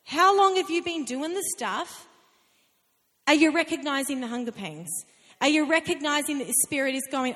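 A woman preaching a sermon in a conversational, animated way, with laughing asides. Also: high-pitched, normal speed. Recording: long reverb of a hall.

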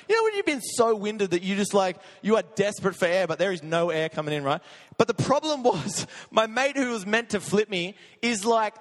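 A man preaching in a church, telling a lively story with frequent laughter. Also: high voice. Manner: energetic storytelling, laughs often. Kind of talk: sermon. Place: church hall. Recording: long echo of a church hall.

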